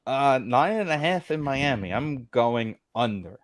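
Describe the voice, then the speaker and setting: A man's voice: medium pitch, expressive, measured pace, dry recording. A man co-hosting a podcast, reading out betting lines and chatting casually about football. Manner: laid-back, reads out betting lines. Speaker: podcast co-host. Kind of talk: casual sports chat.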